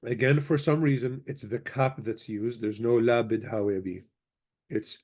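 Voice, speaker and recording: A man teaching a language lesson with an easygoing, conversational delivery. He stops to spell out each form and repeats the conjugations slowly and carefully. His voice sits at an ordinary, middle pitch for a man. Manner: relaxed explaining, repeats word forms slowly. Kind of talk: casual grammar lesson, reciting conjugations.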